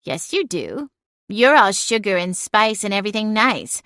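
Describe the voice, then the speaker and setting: A woman's voice: medium pitch, big pitch swings, moderate pace, sharp tone, dry recording. A woman voicing a snarky, sarcastic female cat familiar with a dry, cutting, mocking manner in an audiobook. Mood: snide. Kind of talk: audiobook narration.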